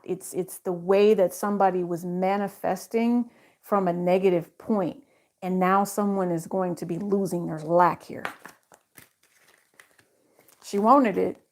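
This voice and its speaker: A woman's voice: medium pitch, darkish tone. A woman giving a casual tarot reading straight to her viewers in a chatty, slangy way. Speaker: tarot reader.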